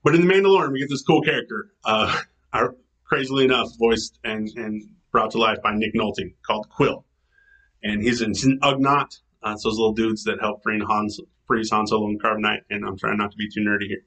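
A man giving a casual, chatty devotional talk as a pastor, enthusiastic and animated, acting out quotes as he goes. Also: fairly low pitch, a little fast, rough recording. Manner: chatty, enthusiastic, self-described nerd; animated quoting in character voices.

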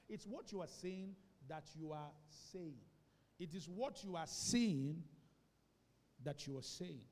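A man's voice: sits high, a little mellow, in a large hall. A Nigerian-accented male pastor preaching a sermon with emphatic repetition and call-and-response questions to the congregation. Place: church sanctuary.

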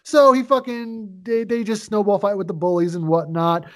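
A podcast co-host with a voice that sits high retells a movie plot casually, swearing constantly and drifting into rambling asides. His tone stays steady and his pace moderate in this relaxed movie review chat.

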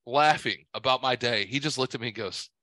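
A man hosting a podcast, telling a story in a casual, profane, animated way and acting out what others said. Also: medium pitch, a little fast, dry recording. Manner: profane, animated, quotes people in voices. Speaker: podcast host.

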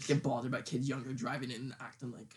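A young man in casual chat, telling animated stories and swearing freely. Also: medium pitch, fast. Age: young adult.

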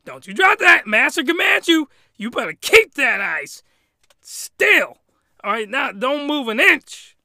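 A man voicing a bossy male master who barks commands in a loud, commanding manner. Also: extremely high pitch, big pitch swings, unhurried, gravelly, no room sound, clean studio sound, voice pushed up, full character voice. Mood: domineering.

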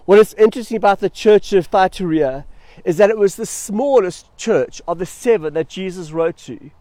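A pastor preaching in a high-pitched voice, animated and emphatic, building his points through repetition and pauses. His sound is dry and close, with almost no room around it. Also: dry recording. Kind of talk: sermon.

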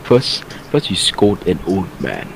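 A man's voice: deep voice, wildly swooping pitch, slow, gravelly. A young man co-hosting a podcast over a voice call, playfully exasperated with his friend. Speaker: podcast co-host. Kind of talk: casual chat. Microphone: voice call mic. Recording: noisy voice call line.

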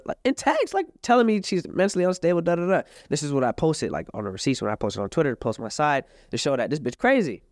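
A young man in his twenties, telling a story in casual chat with a lot of street slang and fillers, and acting out the other people's lines in a higher voice. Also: fast talker, hardly any pauses, dry recording, studio quality. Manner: animated, acts out the other side's lines in a high voice. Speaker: boxer and podcast guest.

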